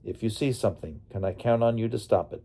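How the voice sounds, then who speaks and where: A man's voice: lowish voice, fast talker, vocal fry, warm tone. A man voicing a stern woman tour leader. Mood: firm. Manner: firm, urgent commands. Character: stern woman in charge of a youth bus tour.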